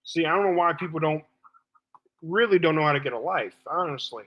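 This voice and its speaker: A man's voice: fairly high pitch, animated, fairly quick, dull audio. A man hosting a live stream debate, talking bluntly and assertively to callers, casually calling them baby.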